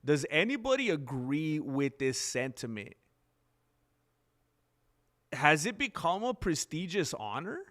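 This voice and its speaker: A man's voice: on the high side, very animated, slow pace, pauses often, a bit bright. A man hosting a casual livestream, rambling and reacting to the chat with lots of ums. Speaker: livestream host. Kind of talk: casual live-stream chat.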